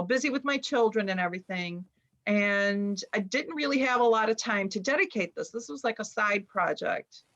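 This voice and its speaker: In a dull, lo-fi recording, an American author and journalist in middle age chats over a video call from her home, bookshelves at her back. Her voice sits in the middle range with a slightly bright edge. Telling a personal story, she leans on plenty of fillers and performs the voices of the people she quotes.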